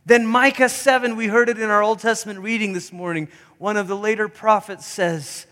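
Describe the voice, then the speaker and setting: A male pastor with a high voice and a bright, forceful tone delivers an animated sermon. He acts out voices and breaks into snatches of song as he preaches. His voice carries a long reverb from a church sanctuary. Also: brisk.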